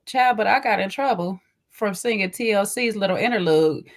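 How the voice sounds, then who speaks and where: A woman co-hosts a casual podcast chat, telling stories with lots of laughter and talk, often saying "child" and "okay." Her voice is fairly high, a little slow, with long pauses, and her storytelling is animated.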